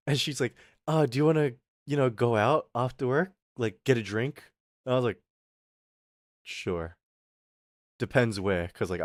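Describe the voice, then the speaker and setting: A man's voice: fairly low pitch, no room sound, clean studio sound. A young man streamer telling a rambling, swear-filled story, acting out the other people in it. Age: young adult. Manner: swearing, animated retelling with quoted voices. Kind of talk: casual storytelling rant.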